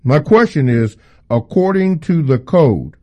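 A male radio host reading a listener's email aloud in a measured, plain way. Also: fairly high pitch, lively intonation, warm tone.

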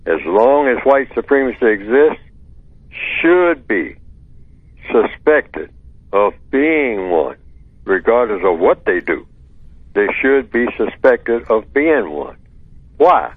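A man on call-in radio explaining his point emphatically and deliberately, asking himself rhetorical questions. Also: lowish voice, no room sound. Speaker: radio guest answering a listener question. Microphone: telephone. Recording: dry, tinny phone line.

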